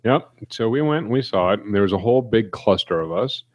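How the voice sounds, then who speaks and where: A man's voice: fairly low pitch, fairly quick, muffled recording. A man co-hosting a casual podcast, telling a long anecdote and acting out quotes as he goes. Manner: animated storyteller, acts out quotes. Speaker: podcast co-host. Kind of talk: casual chat.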